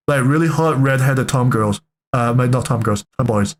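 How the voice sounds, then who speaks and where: A man's voice: medium pitch, normal speed, a little hiss or hum. Rambling young man reacting to videos. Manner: rambling, joking, self-correcting. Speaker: reaction streamer. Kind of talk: casual reaction commentary.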